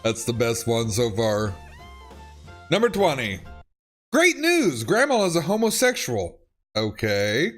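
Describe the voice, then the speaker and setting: A man reads text messages aloud and reacts to them, laughing and cursing as he goes. His pitch sits a little high and leaps around animatedly, though he takes his time. Faint music plays underneath. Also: wildly swooping pitch, slow pace. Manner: laughs often, reads lines with swearing and exclamations. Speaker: YouTuber reading autocorrect fails. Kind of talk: comedic reading and reacting.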